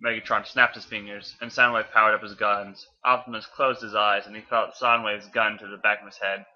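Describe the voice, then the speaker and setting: A man's voice: lowish voice, flat delivery, a little fast, pushed and bright. A man casually reading fanfiction aloud, offhand, often stumbling and correcting himself. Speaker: fanfiction reader. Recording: dull lo-fi home recording.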